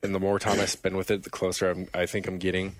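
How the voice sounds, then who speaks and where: A man's voice: low voice, completely flat delivery, fast talker, no echo. A man on a gaming podcast, talking casually in a rambling way, laughing often and acting out lines from games. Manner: rambling, laughs often, acts out game taunts. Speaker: podcast co-host. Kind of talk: casual chat about video games.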